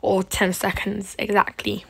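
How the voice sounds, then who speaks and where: A woman's voice: mid-range voice, level tone, a little slow, gravelly, heavy background noise. A woman casually commenting on her gameplay, chatty and dramatic, talking straight to her viewers. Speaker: gaming channel host.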